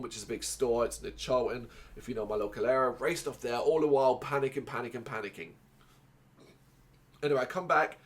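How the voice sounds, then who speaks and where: A man, hosting a podcast and telling a rambling, emotional personal story, restarting often and swearing. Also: mid-range voice. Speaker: podcast host.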